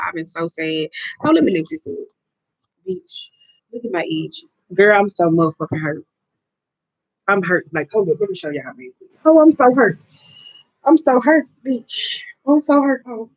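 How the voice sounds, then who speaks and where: A woman reads oracle cards for her viewers in a casual, outspoken way, swearing freely and addressing them directly. Her voice sits fairly low for a woman, and the sound is dry and close, with little room around it. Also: no room sound, low-quality recording. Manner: blunt, profane and expressive, talking straight to viewers. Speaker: oracle card reader. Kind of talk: casual card reading vlog.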